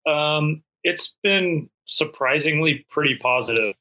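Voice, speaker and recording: A man's voice: fairly high pitch, measured pace, sharp tone, muffled recording. A man in casual podcast chat who rambles with many restarts and fillers.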